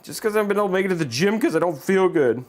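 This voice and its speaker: A man's voice: sits high, expressive, very fast, soft background music. A man hosting a livestream, chatting casually in a rambling, joking way and laughing often. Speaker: livestream host.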